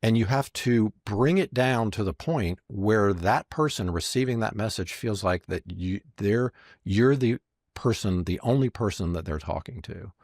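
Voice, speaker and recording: Deep husky-voiced man telling a story. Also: a little slow, no room sound, clean studio sound. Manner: lively storyteller who acts out quoted lines. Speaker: guest, magician and marketing strategist. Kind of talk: podcast interview storytelling.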